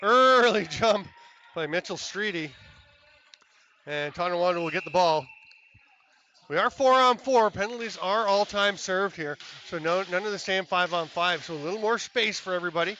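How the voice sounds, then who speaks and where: A high-pitched man calls the game play by play, chatty between plays and jumping up in excitement whenever a goal goes in. His voice is bright and forward. The broadcast sound is slightly dull and lo-fi, with a faint hiss underneath. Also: normal speed. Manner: chatty, excitable on goals, apologetic asides. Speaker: play-by-play commentator. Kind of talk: sports commentary.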